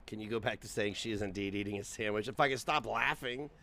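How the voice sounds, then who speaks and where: A man's voice: fairly low pitch, fast, gravelly, sharp tone, a little hiss or hum. A man livestreaming, ranting in casual, profane talk as he reacts to clips.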